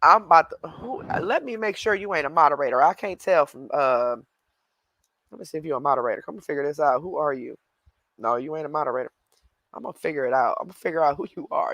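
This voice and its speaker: A man's voice: fairly high pitch, lively intonation, quick pace, a bit bright, no echo. A man hosting a livestream, chatting casually with viewers and laughing often. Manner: chatty, laughing, responding to chat. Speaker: livestream host.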